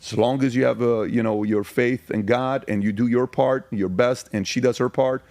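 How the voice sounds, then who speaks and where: A man's voice: mid-range voice, steady tone, moderate pace, a little mellow, dry recording. Emphatic middle-aged man telling his story. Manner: emphatic, storytelling, repeats points for stress. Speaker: podcast guest. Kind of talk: testimony in a podcast interview.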